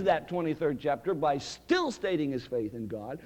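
Male preacher, sermon delivery, dramatic swings between loud and hushed, animated and somewhat high-pitched. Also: moderate pace, hardly any pauses, rough recording. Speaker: pastor. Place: church.

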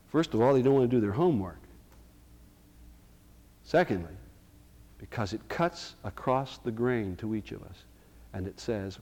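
A middle-aged male pastor preaching a sermon to his congregation, going from hushed and slow to loud and emphatic. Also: fairly low pitch, lively intonation. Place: church sanctuary. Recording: reverberant church hall.

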